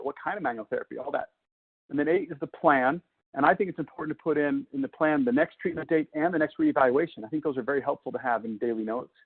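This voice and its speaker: A man's voice: fairly high pitch, husky. A man presenting a webinar lecture, explaining step by step in a conversational way with frequent fillers. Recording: tinny phone-like audio.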